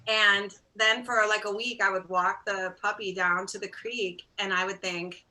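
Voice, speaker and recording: A middle-aged woman, a singer-songwriter guest, telling stories in a casual interview in an animated, self-deprecating way, acting out bits of dialogue. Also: medium pitch, unhurried, poor audio. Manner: animated, acts out quoted dialogue.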